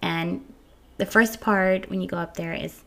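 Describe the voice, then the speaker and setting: Early one morning at home, a young woman tells her viewers a personal story in a casual, candid way. Her voice is fairly low, steady, a little slow, bright and forceful, and she's frank, swears freely, keeps restarting sentences and lets out little laughs.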